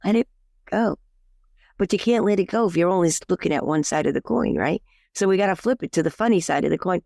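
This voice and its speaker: A woman with a lowish, creaky voice talks fast, recorded clean in a studio with no echo. She's a life coach guesting on a podcast, chatting casually with fillers and restarts. She tells her stories with energy, acting out the quotes.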